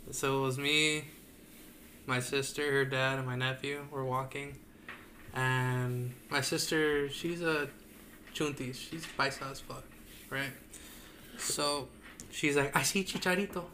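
A man's voice: mid-range voice, little pitch movement, slow pace, pauses often, bright, forceful tone, slight background noise. A young man co-hosting a casual podcast, telling a family story in slang with playful mimicry. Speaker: podcast co-host.

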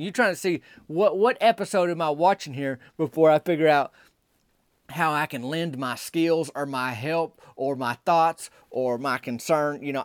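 A man's voice: on the high side, fairly bright tone, dry recording, studio quality. Folksy rambling man telling a story. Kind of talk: deadpan comedic monologue.

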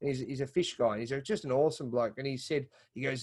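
A man's voice: mid-range voice, fairly quick, a little mellow. A man with an Australian accent, talking animatedly in a casual podcast conversation, often repeating words as he builds his point. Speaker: podcast guest.

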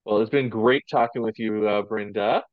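A man's voice: fairly low pitch, normal speed, no room sound, phone-quality sound. A man hosting an interview, speaking casually with many hesitant fillers. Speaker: interview host.

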